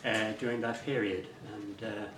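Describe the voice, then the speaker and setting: A man, a council chairman, giving a formal speech of thanks at a podium, halting with slips and restarts. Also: fairly low pitch, fairly even intonation. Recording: echoey room, distant mic, audible noise.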